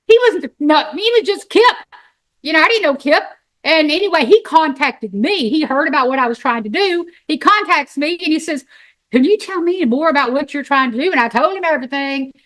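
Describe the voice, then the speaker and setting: A middle-aged woman tells her own story in a high, bright voice. She is folksy and animated, and she slips into other people's voices as she recounts what they said. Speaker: sanctuary founder telling her story. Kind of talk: storytelling talk.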